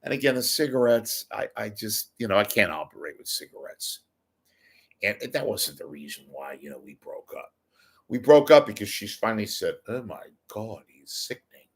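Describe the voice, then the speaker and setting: With a husky, sing-song voice on the low side, an older man chats casually on his livestream at normal speed. He rambles and mocks himself as he goes.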